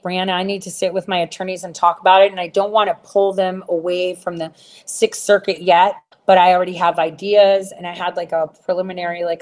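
Middle-aged woman host, low-pitched, blunt and profane, rambling casual rant to her audience. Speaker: livestream host answering viewers.

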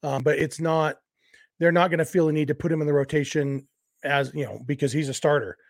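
A man in his forties hosts a sports podcast in an easygoing, chatty way, with frequent fillers between thoughts. His voice sits a little high and has a gravelly edge. The sound is dry and close to the mic. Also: fairly even intonation, a little fast, no room sound. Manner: chatty, conversational, with many "uh" fillers. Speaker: podcast host. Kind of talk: casual podcast talk and read ads.

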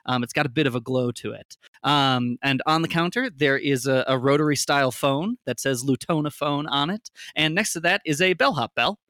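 A man's voice: medium pitch, normal speed, few pauses, pushed and bright, no room sound, studio quality. Man narrating a tabletop game. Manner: rambling, filler-heavy descriptions. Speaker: game master.

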